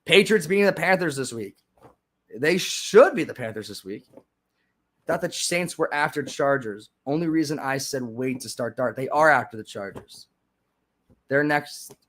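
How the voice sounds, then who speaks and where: A young man hosting a live stream, chatting casually and sarcastically, with frequent restarts and sudden loud rants. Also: medium pitch, expressive, normal speed. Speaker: livestream host.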